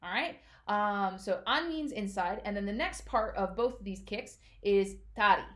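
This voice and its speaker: A woman's voice: mid-range voice, normal speed. A woman teaching as a martial arts instructor, explaining patiently and checking in often with "all right?".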